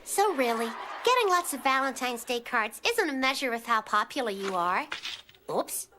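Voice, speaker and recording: A woman's voice: fairly high pitch, expressive, moderate pace, sharp tone, some chatter behind, a little hiss or hum. A woman voicing a chatty, cheeky young cartoon girl who giggles through her stories. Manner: giggly, bouncy storytelling. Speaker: narrator character. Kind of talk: cartoon monologue to the audience.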